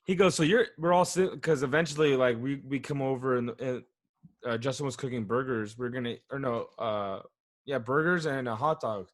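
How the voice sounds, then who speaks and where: A man's voice: mid-range voice, fairly quick. A young man co-hosting a podcast, telling a rambling story with lots of swearing and restarts. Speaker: podcast co-host. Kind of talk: casual storytelling chat.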